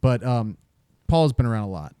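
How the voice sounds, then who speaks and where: A man in his thirties co-hosting a podcast, talking in a halting way with many filler pauses. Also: medium pitch, lively intonation, mellow, clear, resonant tone, no echo, studio quality. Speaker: podcast co-host. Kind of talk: casual chat.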